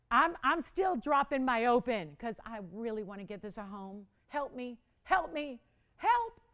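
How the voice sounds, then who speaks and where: A woman hosting a live TV jewelry auction, chatty and pleading, quick to laugh. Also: fairly high pitch, fairly bright tone. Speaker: live shopping host. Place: TV studio.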